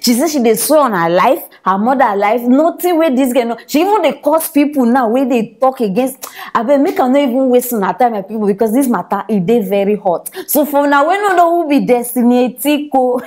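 High-voiced woman teasing in Nigerian Pidgin. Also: animated, brisk, darkish tone. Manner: teasing, scolding, laughs often. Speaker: comedy news host. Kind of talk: gossip commentary.

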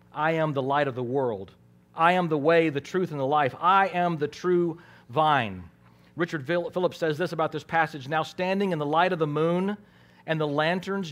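A pastor with a slightly high voice preaches, shifting between hushed lines and loud, emphatic ones, sometimes repeating words as he restarts a phrase.

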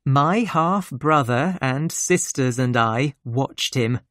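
Slow clear storybook narrator for english learners, lively pitch, dry sound. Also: dry recording.

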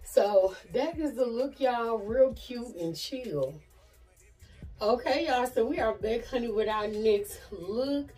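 A woman's voice: fairly high pitch, slow, dark tone, far from the mic, soft background music, low-quality recording. A woman from Nashville with a Southern accent, chatting casually to camera about her outfits. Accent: Southern American. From Nashville, USA. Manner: chatty, keeps saying "y'all" and "honey". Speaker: fashion vlogger. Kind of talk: casual try-on chat to camera.

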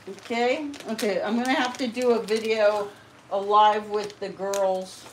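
A woman hosting a casual live stream, chatting to viewers and gushing with excitement as she opens mail. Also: medium pitch, slow, slight background noise. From California. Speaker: channel host.

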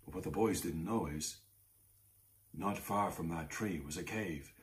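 A man's voice: sits low, unhurried, distant mic. A man with an Irish accent telling a folk tale to children in a playful, dramatic way, in a museum workshop room. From Ireland. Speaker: storyteller. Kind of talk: animated storytelling to children.

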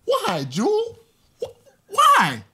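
An actor playing a hurt ex-fiancé who swings from low, quiet words to cracking shouts. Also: male voice, very animated, normal speed. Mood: heated, wounded. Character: hurt ex-fiancé, proud and wounded. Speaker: jilted ex-fiancé. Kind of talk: romantic drama acting.

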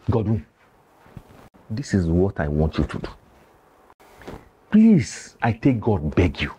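An actor playing a grave, cautious male village elder with a Nigerian accent, who pleads slowly and speaks in proverbs. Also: on the low side, mellow, a little hiss or hum.

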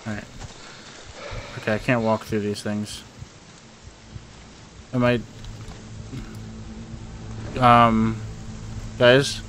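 A man's voice: lowish voice, flat delivery, very slow, pauses often, a bit bright, slight background noise. A young man giving rambling, nervous let's-play commentary to his viewers, often panicking and talking to himself. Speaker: gaming YouTuber.

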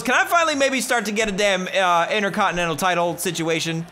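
A man's voice: high-pitched, very animated, fast, few pauses, bright, forceful tone, a little hiss or hum. A man casually narrating his own video game play, joking and muttering to himself as he goes. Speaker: gaming YouTuber. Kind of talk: let's play commentary.

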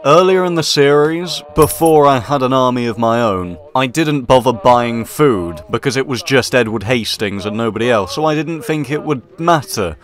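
Gamer in mock-posh officer banter. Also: male voice, medium pitch, lively intonation, normal speed, hardly any pauses. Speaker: gaming commentator. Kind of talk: let's play commentary. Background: faint background music.

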